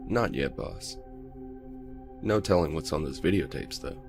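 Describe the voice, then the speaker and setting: A man's voice: extremely low pitch, lively intonation, measured pace, creaky, over music, exaggerated voice. A male narrator voicing a blunt crime scene investigator reporting evidence in a horror audiobook. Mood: grim. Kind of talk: audiobook character voice.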